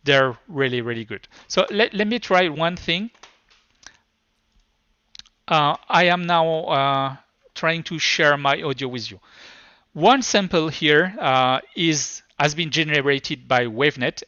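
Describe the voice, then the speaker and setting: A man with a thick French accent presents at a tech conference, his explanations halting and full of restarts. His voice is bright and forward, heard dry and close with a slightly dull, muffled tone. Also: medium pitch, clear, resonant tone, no room sound. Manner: hesitant, stop-start explaining. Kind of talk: live technical presentation.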